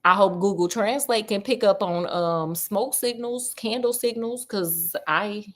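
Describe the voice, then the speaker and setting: A woman's voice: medium pitch, unhurried, a bit bright. Chatty woman retelling a story. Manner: chatty and slangy, acting out characters' lines. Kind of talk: casual retelling of a detective story.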